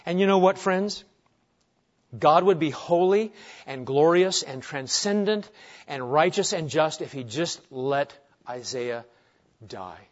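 A man preaching a sermon, swinging between loud emphasis and hushed asides and asking the congregation rhetorical questions. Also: mid-range voice, measured pace. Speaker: pastor. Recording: dull lo-fi sound.

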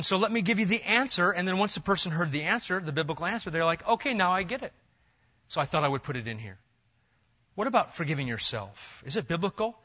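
A man's voice: sits high, animated, fairly quick, sharp tone. A man preaching a sermon as pastor, building his points in emphatic rising lists. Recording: dull lo-fi sound.

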